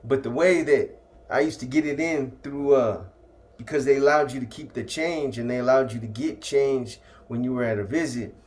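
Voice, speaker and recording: A man's voice: medium pitch, moderate pace, darkish tone. Laid-back man telling stories. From California. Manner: laid-back street slang, trailing off with "man". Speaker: storyteller recounting his past. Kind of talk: casual first-person storytelling.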